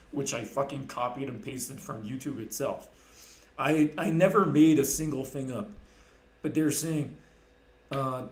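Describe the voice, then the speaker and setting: Man, streamer, angry profane rant, slow delivery, echoey room. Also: on the high side. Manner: profane, heated and sarcastic.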